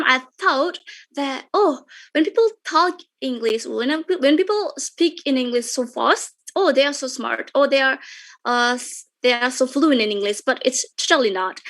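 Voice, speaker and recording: Chatty Indonesian woman, higher voice. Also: a bit bright. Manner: chatty, repetitive, with frequent fillers. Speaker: webinar speaker. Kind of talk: informal webinar talk.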